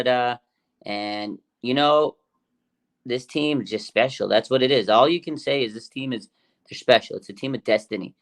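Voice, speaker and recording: A man hosting a fan livestream, talking casually in an excited, rambling way with many fillers and restarts. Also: medium pitch. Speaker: fan show host.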